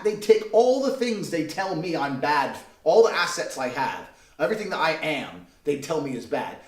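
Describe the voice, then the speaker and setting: A man speaking as an interview guest, blunt, emphatic and profane. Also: fairly high pitch. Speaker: interview guest giving advice to men. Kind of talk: podcast interview talk. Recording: roomy echo.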